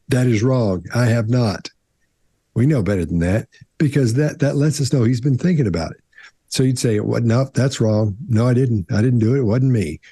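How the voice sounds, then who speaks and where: A man's voice: medium pitch, warm tone, husky, dry recording, studio quality. A middle-aged man on a panel, explaining body language in a rambling way, often restarting and acting out quotes. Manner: rambling, self-correcting explanations with acted-out quotes. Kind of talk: casual panel analysis.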